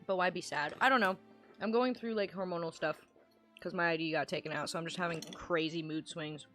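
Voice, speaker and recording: A woman's voice: fairly low pitch, brisk, fairly bright tone, faint music behind. A woman streamer in casual livestream chat, ranting and rambling with lots of swearing.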